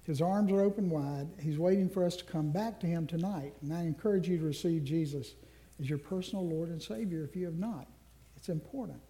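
Earnest high-voiced male preacher. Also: dark tone. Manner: earnest, slows down on key phrases. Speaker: minister. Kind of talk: Ash Wednesday sermon.

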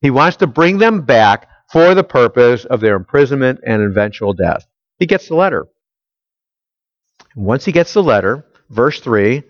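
This sermon comes from a male pastor with a medium-pitched voice. He asks the congregation questions and fills in the responses on his own, all captured in a dull, dry, lo-fi recording without echo.

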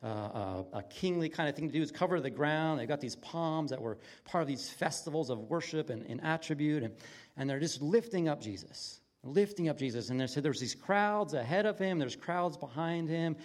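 A man preaching a conversational sermon in an earnest, plain-spoken way, his voice dropping from lively emphasis to hushed, intimate tones. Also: on the high side, moderate pace. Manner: earnest, swings from loud excitement to near-whisper intimacy. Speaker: pastor.

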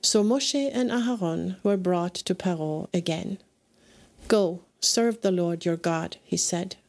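A woman reading scripture aloud in a measured, deliberate way as a podcast host. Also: on the low side, darkish tone. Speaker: scripture reader.

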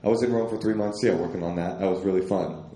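A man's voice: sits low, fast, mellow, echoey room. A man co-hosting a podcast on a live stage, telling a rambling, self-deprecating story with lots of restarts. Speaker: podcast co-host.

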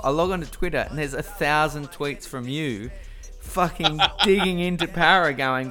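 A man's voice: fairly high pitch, moderate pace, sharp tone, faint music behind. A man with an Australian accent co-hosting a casual podcast chat, ranting and swearing freely. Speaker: podcast co-host.

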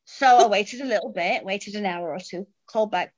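A woman's voice: mid-range voice, brisk, few pauses. A middle-aged woman from England, a former dancer, telling a story in casual chat and acting out the people she quotes. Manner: animated, acts out quoted voices. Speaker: guest. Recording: dull lo-fi audio.

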